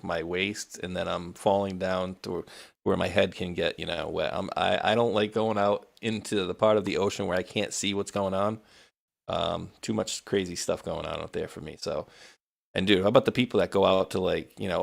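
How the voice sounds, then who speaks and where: New England male podcast host, low gravelly voice, casual chatty read. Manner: laid-back, chatty, laughs often, reads news aloud. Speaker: show host.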